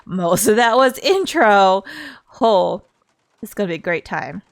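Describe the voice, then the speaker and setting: A woman's voice: medium pitch, expressive, measured pace, creaky. A woman streamer chatting casually to her viewers, laughing often and poking fun at herself. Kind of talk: casual live-stream chat.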